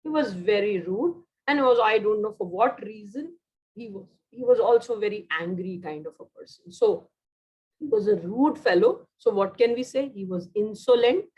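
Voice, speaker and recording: A woman's voice: medium pitch, lively intonation, normal speed, slightly rough, lo-fi sound. A woman with an Indian English accent teaching a vocabulary class online, repeating key words and slipping into Hindi.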